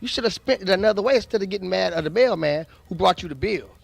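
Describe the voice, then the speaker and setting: Blunt high-voiced man talking sports. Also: fast talker, vocal fry, no room sound. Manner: blunt, animated storytelling with frequent restarts and slang. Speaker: sports show host. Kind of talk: casual sports commentary.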